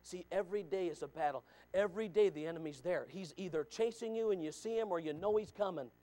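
A pastor preaching a sermon with emphatic repetition, calling out listeners by name. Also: male voice, high voice, quick pace, warm tone. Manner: emphatic, repeats lines, calls out listeners by name.

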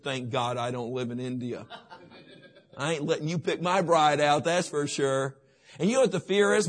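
A man preaching a sermon to teenagers, emphatic and repetitive, often asking his listeners questions. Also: high voice. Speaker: youth pastor.

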